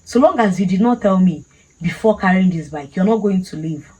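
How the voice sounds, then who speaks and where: A woman's voice: medium pitch, animated, brisk, mellow, slightly rough, rough recording. A woman with a Nigerian accent voicing a stubborn male security guard, curt and refusing. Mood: stern.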